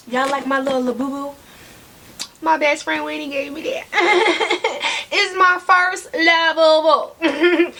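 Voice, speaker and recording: A woman eats on camera while chatting sassily to viewers about handbags, sometimes talking through a full mouth. Her voice sits high and sounds pushed and bright.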